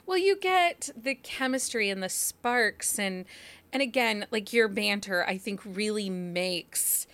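A woman in her forties hosting a podcast interview, chatty and quick to laugh at herself. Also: medium pitch, fairly bright tone. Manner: chatty, laughs often, self-deprecating. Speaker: podcast host.

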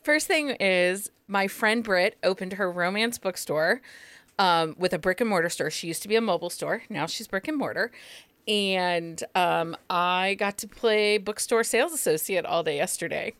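A woman's voice: on the low side, normal speed, a bit bright, no room sound. A woman hosting a podcast in casual chat, chatty and laughing often. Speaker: podcast host.

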